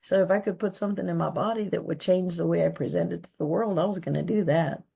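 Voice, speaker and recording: A woman's voice: fairly low pitch, fast talker, creaky, dark tone, breathy edge. A woman giving a candid, emphatic personal testimony at a recovery meeting, often repeating words for stress. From Texas.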